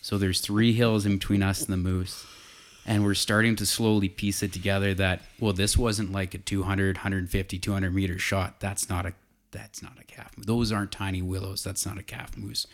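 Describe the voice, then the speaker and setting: A man's voice: low voice, flat delivery, normal speed. A man telling a casual hunting story, rambling with fillers and restarts.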